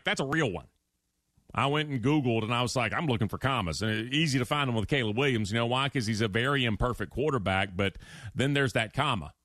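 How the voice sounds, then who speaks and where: Animated man hosting sports radio. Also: a little high, no echo, clean studio sound. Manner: animated storytelling, acts out quotes, emphatic. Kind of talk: opinionated sports talk monologue.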